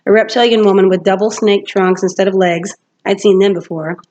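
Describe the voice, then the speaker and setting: A woman teacher reads a novel aloud to her class, steadily and with occasional self-corrections. Her voice sits at an ordinary middle pitch. The lo-fi recording sounds slightly muffled. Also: steady tone, brisk, a little mellow. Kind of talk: storybook read-aloud narration.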